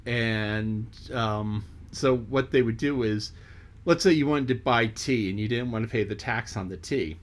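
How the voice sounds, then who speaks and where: A man's voice: mid-range voice, measured pace. A man reading a classic novel aloud as an audiobook reader, then rambling casually with lots of fillers. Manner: loose, rambling asides full of fillers.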